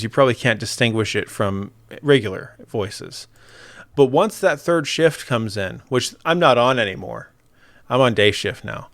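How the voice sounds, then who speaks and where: A man's voice: medium pitch, no echo. A young adult man in casual chat, telling a ghost story with swearing and laughter.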